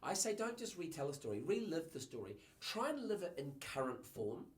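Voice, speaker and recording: A middle-aged man, a TV presenter telling stories as a podcast guest, acting out voices and jumping up in pitch for emphasis. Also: big pitch swings, a little fast. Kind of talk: animated storytelling in conversation.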